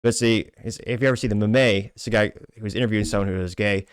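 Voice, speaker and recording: Fast-talking man reading comments aloud. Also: fairly low pitch, steady tone, clear, resonant tone, dry recording, studio quality. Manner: fast, self-correcting, wry asides. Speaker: podcast host.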